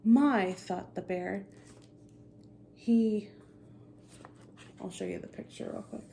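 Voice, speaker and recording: Woman reading a storybook aloud, slow. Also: medium pitch, steady tone, vocal fry, warm tone, slight background noise. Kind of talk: casual read-aloud narration.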